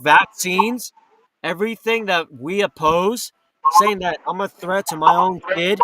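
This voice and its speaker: Brief: high-pitched male radio host, profane indignant rant, loud noisy line. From New York or Florida. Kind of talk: angry live talk radio rant. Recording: loud background noise.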